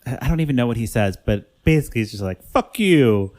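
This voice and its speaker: A man's voice: medium pitch, animated, rapid-fire, darkish tone. A man hosting a podcast, loosely recapping a movie plot in casual chat with lots of fillers. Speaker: podcast host.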